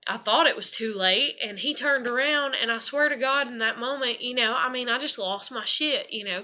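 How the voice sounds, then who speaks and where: A woman's voice: a little high, bright, forceful tone. A woman vlogging in a casual, rambling venting monologue, emotional and profane as she tells personal stories.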